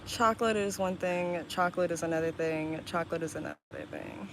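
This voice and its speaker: A young woman live-streaming, chatting casually with her viewers, reading their comments aloud and answering bluntly with a lot of swearing and quick laughs. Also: lowish voice, noisy background. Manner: blunt and profane, reading chat aloud and snapping back; quick laughs and sudden loud outbursts.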